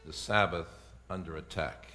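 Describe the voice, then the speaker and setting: Pastor guy preaching, really low voice, gets loud and punchy. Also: fairly even intonation, normal speed. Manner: builds from quiet to loud emphatic preaching, calls on congregation. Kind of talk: sermon.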